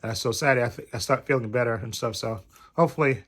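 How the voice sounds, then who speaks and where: A man's voice: mid-range voice, fast talker, fairly bright tone. Male vlogger with a cold, rambling casual talk from bed, keeps circling back. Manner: rambling, repeats "like I said". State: recovering from a cold.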